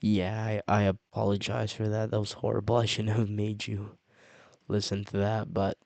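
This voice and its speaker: A man's voice: lowish voice, completely flat delivery, moderate pace, gravelly, a little mellow, no room sound. A man giving casual commentary as he ranks theme tunes, rambling along with frequent restarts and self-corrections. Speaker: video creator ranking show themes.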